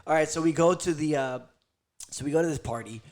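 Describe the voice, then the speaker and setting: Man, late twenties, slightly high voice, rambling storyteller, casual podcast chat. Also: a little fast, darkish tone, slight background noise. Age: late 20s. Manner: rambling storyteller, restarts often, laughs through lines. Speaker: podcast co-host.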